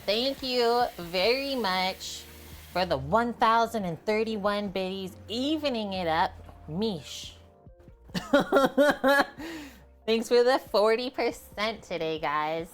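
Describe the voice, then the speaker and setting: A woman's voice: medium pitch, expressive, takes it slowly, faint music behind. A woman hosting a cooking livestream, chatting casually with viewers and laughing easily. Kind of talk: casual chat with stream viewers.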